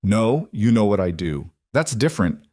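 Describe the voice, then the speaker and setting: A man voicing a guarded, brooding young mafia boss in a measured storybook read. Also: fairly low pitch, very animated, mellow, no echo, clean studio sound.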